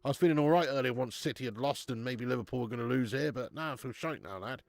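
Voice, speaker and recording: A man's voice: mid-range voice, fast talker, gravelly. A man hosting a live football watch-along from home. He chats casually, swears freely and calls out viewers by name. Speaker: live stream host.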